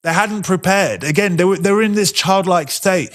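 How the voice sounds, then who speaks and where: A man teaching a sermon in a conversational way, asking rhetorical questions and slowing down to stress his points. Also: sits high, a bit bright.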